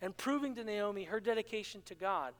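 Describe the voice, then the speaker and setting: Guy preaching a sermon, really high voice, dramatic delivery, big echoey hall. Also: lively intonation, a little fast. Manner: dramatic, acts out quoted dialogue. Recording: long hall reverb.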